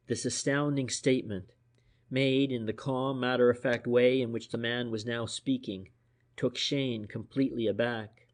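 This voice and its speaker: Male audiobook narrator, measured and unhurried, mid-range pitch. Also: steady tone. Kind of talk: scripted narration.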